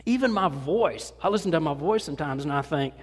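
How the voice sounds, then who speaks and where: This middle-aged pastor's voice is a little high, husky and expressive, and he speaks briskly. He preaches a conversational sermon in a church sanctuary, folksy and self-deprecating, often starting sentences over. The sound has a long hall reverb.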